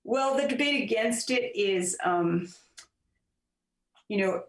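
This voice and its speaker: A woman author and journalist, a guest in an interview, giving long, measured explanations with frequent fillers. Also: mid-range voice, lively intonation. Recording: roomy and distant from the mic.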